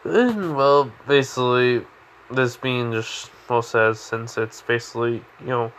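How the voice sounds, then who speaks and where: A man's voice: mid-range voice, unhurried, fairly bright tone, slight background noise. Sleepy rambling man telling a fan story. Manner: rambling, with many fillers. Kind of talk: casual retelling of a fan story.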